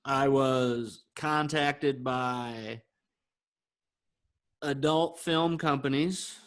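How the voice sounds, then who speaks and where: A man with a clear, resonant, medium-pitched voice speaks very slowly as a podcast co-host. He relates a personal story in casual conversation, vividly acting out what the people in it said.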